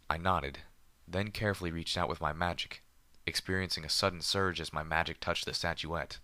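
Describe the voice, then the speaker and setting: A man reading a story aloud in the first person with a measured, deliberate delivery. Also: sits low, steady tone, bright, forceful tone, dry recording. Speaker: audiobook narrator.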